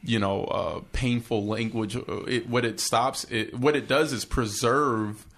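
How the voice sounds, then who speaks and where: A man's voice: medium pitch, fairly even intonation, unhurried, fairly bright tone. A man who is a stand-up comedian, chatting as a podcast guest and often restarting his words. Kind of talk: casual podcast chat.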